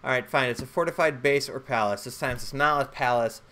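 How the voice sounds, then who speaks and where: A man's voice: mid-range voice, a little fast, sharp tone. A man playing a solo tabletop role-playing game, rambling, joking and swearing as he goes. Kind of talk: casual solo play commentary.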